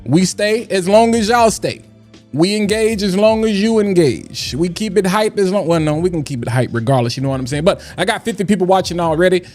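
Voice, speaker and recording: A man hosting a casual livestream chat, loud and playful, shouting out people in the chat and often asking "you know what I'm saying". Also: high voice, a little fast, faint music behind. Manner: hype, animated, shouts out chat names; loud, playful, breaks into singing and scatting. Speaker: livestream host.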